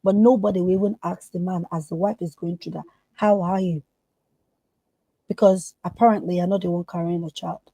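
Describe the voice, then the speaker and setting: A woman's voice: lowish voice, fairly even intonation, a little fast, mellow, dry recording, rough recording. A woman therapist speaking as a podcast guest, earnest and emphatic. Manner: emphatic, acts out quoted voices.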